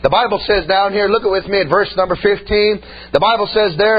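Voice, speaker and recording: A man's voice: high voice, brisk, hardly any pauses, slightly rough. A man preaching a sermon in a folksy, emphatic way, punctuating his points with "amen" and "man". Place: church service. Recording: muffled recording with faint hum.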